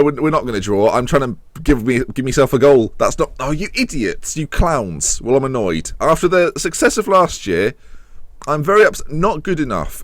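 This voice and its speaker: A man's voice: on the low side, no room sound. A young man commentating on his football management game in casual chat, with exasperated outbursts. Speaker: gaming YouTuber.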